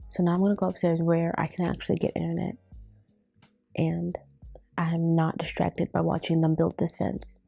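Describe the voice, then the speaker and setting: A young woman talks to her camera in a chatty, rambling vlog, jumping from thought to thought. Her voice sits low with a gravelly, husky edge and a mellow tone. Soft music plays faintly behind her. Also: no echo. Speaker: vlogger. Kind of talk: casual vlog chat.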